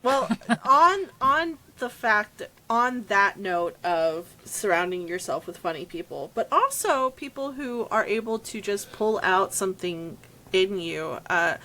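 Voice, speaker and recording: A woman's voice: mid-range voice, expressive, measured pace, pushed and bright, low-quality recording. Easygoing woman hosting a podcast. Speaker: podcast host. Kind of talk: casual podcast chat.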